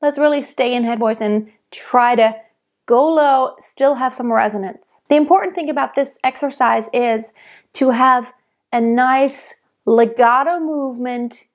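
A woman from Germany, a vocal coach, giving a calm, measured singing lesson with sung examples. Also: a little high.

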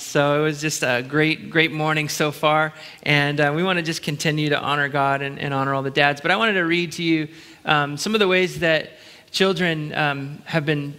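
A man's voice: fairly high pitch, sharp tone, clean tone. A middle-aged man preaching as pastor in a large church, chatty and playful, breaking into short laughs. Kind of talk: sermon. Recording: long church hall reverb.

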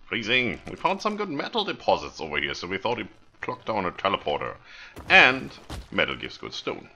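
A man's voice: fairly low pitch, wildly swooping pitch, brisk, sharp tone. A man hosting a gaming video, giving casual, self-amused commentary to viewers as he plays. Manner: chatty, self-amused, talks to viewers while playing.

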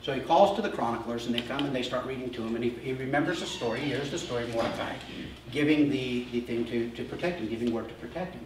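A man's voice: medium pitch, fast talker, far from the mic, noisy background. A male pastor giving a casual sermon, retelling a story with humorous asides. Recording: echoey church hall, mic from afar.

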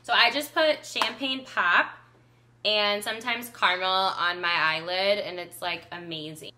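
A young woman beauty vlogger chats casually through her makeup routine, her speech full of filler "likes." Her medium-pitched voice sounds pushed and bright, at a measured pace.

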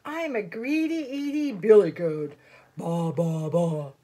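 A woman voicing a greedy male billy goat in a sung children's storybook, with a low bleating sing-song. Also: slow pace, mellow.

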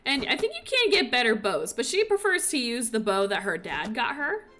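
While streaming a life-simulation game, a woman offers casual commentary in a fairly high voice at a moderate pace. She's excitable and a little sniffly, and she breaks into gushing squeals over the animals.

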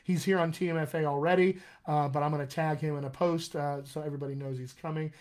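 American man, fairly high voice, rambling and friendly as he hosts a live-stream coaching session. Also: fairly even intonation, fast talker, darkish tone. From United States. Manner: chatty, rambling, addresses viewers by name. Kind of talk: casual live-stream chat to viewers.

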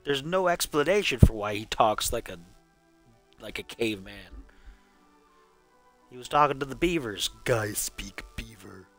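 A man's voice: medium pitch, lively intonation, moderate pace, long pauses, faint music behind. A man giving wry, rambling running commentary while he streams a game. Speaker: streamer playing through a game marathon. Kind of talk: casual live-stream commentary.

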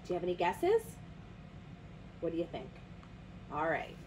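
A woman's voice: fairly low pitch, moderate pace, slight background noise, poor audio. A woman librarian reading a picture book aloud to children and asking them questions. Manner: animated, asks the kids questions.

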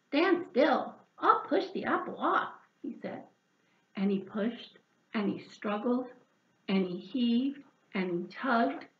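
A children's librarian reads a picture book aloud to preschoolers, slow and expressive. Her voice sits slightly high for a woman. It comes through dull and lo-fi, with an echo off the room. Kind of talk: preschool storytime read-aloud. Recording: echoey room, dull lo-fi sound.

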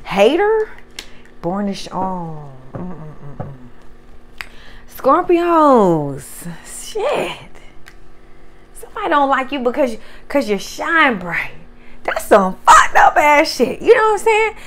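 A woman doing a casual tarot reading, profane and animated, talking straight to her viewers. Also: high-pitched, takes it slowly, long pauses, slight background noise. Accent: Southern US. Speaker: tarot reader.

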